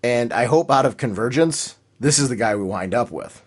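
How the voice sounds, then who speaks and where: A man's voice: mid-range voice, lively intonation, normal speed, breathy edge. A man co-hosting a podcast in casual chat, emphatic and enthusiastic, often repeating his points. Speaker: podcast co-host.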